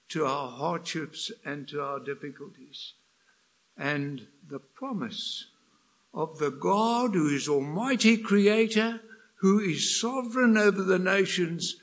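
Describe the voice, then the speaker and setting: An older man preaching a sermon in a church, swinging between hushed passages and loud, passionate emphasis. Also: high-pitched.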